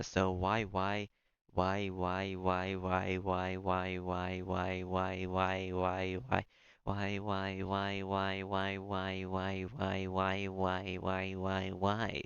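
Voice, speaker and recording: A man's voice: low-pitched, monotone, slow, gravelly, a bit bright, smooth, no room sound, lo-fi sound. A man reading a visual novel aloud in the first person, breaking off now and then for joking asides. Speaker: let's-play streamer.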